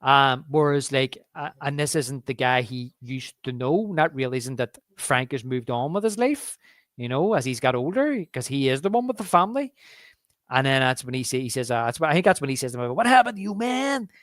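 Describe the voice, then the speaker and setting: Here a podcast co-host talks movies in a medium-pitched, animated, somewhat bright voice, with clean, echo-free studio sound. He keeps stumbling and restarting as he relays scenes in a casual review, slipping into movie quotes along the way.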